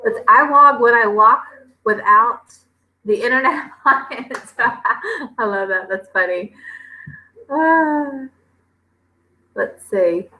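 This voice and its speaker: A woman, chatting casually on a livestream and reading viewers' comments aloud, with lots of fillers and pauses. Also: on the high side, bright, forceful tone, low-quality recording. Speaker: homestead vlogger hosting a livestream.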